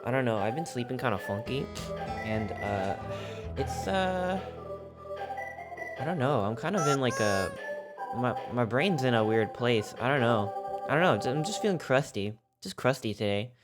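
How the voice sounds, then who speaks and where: A sleepy, slightly sniffly man chats in a loose, rambling and goofy way while streaming a game. His voice sits at an ordinary middle pitch. Clear background music plays behind him throughout. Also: animated, moderate pace. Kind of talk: casual live-stream chat.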